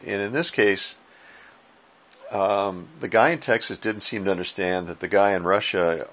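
A man who runs ham radio, explaining its basics from his home radio room in a relaxed, folksy way with dry asides. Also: low voice. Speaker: ham radio operator and instructor. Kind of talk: casual how-to explainer.

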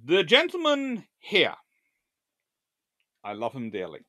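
A man hosting a live-stream history lecture, telling his story in an animated, theatrical way. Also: fairly high pitch, slow pace, no echo, clean studio sound. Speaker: naval historian host.

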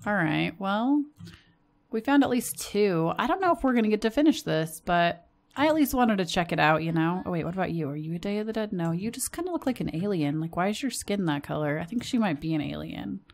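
An American woman hosting a casual let's-play, chatting with her game characters and breaking into quick bursts of excitement. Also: medium pitch, vocal fry. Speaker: gaming channel host.

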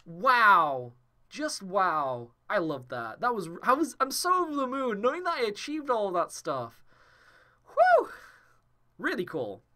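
A man hosting a gaming video, giving excited let's-play commentary in a gushing, excitable way. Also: high-pitched, measured pace. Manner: gushing, excitable, laughs often.

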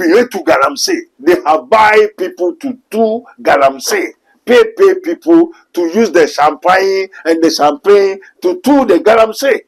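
Fervent Ghanaian preacher man, high voice. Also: rough recording. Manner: fervent, switches to loud exhortation. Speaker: pastor. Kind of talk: preaching interview answers.

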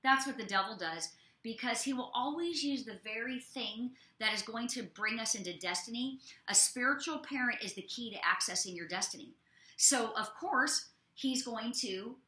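A woman prophet co-hosting a ministry show, teaching from the Bible in an expressive way with folksy asides to her listeners. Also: on the high side, normal speed. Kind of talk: animated preaching and Bible teaching. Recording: echoey room.

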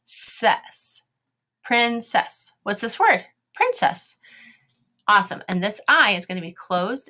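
A woman's voice: medium pitch, sharp tone. A woman teaching a phonics video lesson, sounding out letters and syllables one by one and asking her young learners encouraging questions.

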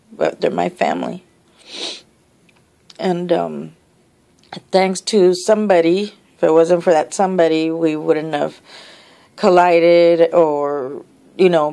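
A woman's voice: fairly low pitch, creaky, dark tone. A woman opening happy mail in a casual vlog, emotional and tearful, gushing and rambling with many restarts.

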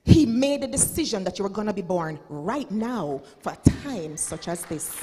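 A woman's voice: mid-range voice, animated, normal speed, dark tone, slightly rough, in a large hall. A Jamaican woman in her forties, a school principal giving a dramatic, preachy motivational speech and slipping into Patois. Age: 40s. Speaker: school principal and keynote speaker.

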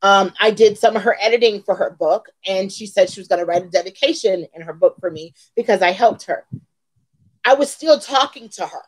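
A woman's voice: mid-range voice, brisk, rough recording. A woman in her forties hosting her own channel, telling a heated story with emphatic repetition. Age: 40s. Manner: heated, emphatic, repeats lines for effect. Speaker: beauty channel host. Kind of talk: venting storytime vlog.

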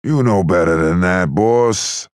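A man's voice: low voice, slow, no echo, studio quality, voice pushed up. A man voicing a sardonic gangster henchman in an audiobook. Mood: wry. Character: wisecracking male gangster henchman.

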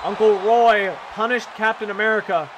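A young man giving excited, profane play-by-play commentary on a wrestling video game, shouting at the big moves. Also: sits high, moderate pace. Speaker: gaming commentator. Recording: loud game crowd noise behind. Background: video game crowd and noise.

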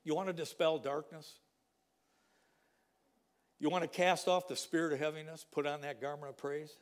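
A man's voice: a little high, little pitch movement, normal speed. A middle-aged man preaching a sermon as pastor, mixing conversational asides with rising fervor.

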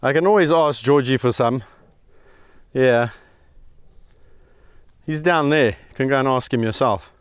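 A man's voice: medium pitch, a little slow, pauses often, clean tone. A man running a vlog outdoors at a wildlife sanctuary, cooing and calling to the lions with affection. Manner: animated, coos and calls to the lions with affection. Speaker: wildlife sanctuary keeper and channel host. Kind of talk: casual vlog narration while handling lions.

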